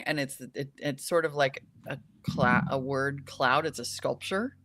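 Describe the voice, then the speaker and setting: A woman's voice: a bass voice, a little slow, dry recording. A woman co-hosting a live-stream podcast, chatting casually and animatedly, often laughing and acting out what other people say. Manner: animated, laughing, acts out quoted voices. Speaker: podcast co-host.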